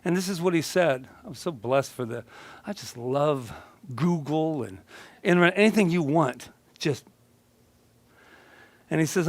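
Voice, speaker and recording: A man minister delivering a loose, conversational sermon, joking and laughing between points. His voice sits a little higher than most men's and sounds close and dry, with hardly any room echo. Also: expressive, measured pace, long pauses. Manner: playful, chatty, laughing often. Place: church sanctuary.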